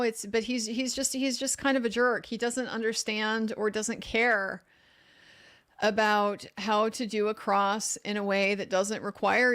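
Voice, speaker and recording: A woman's voice: medium pitch, fairly bright tone. A middle-aged woman hosting a live legal commentary stream, giving frank opinions with frequent restarts. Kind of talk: casual live commentary reading viewer comments.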